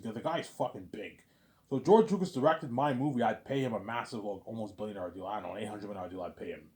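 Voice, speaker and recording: A man with a low voice rants at a quick clip in a casual monologue. He rambles, repeats himself and swears freely, tacking "man" onto his lines. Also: a little mellow. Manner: rambling, swears often, repeats words, says "man" a lot. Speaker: vlogger.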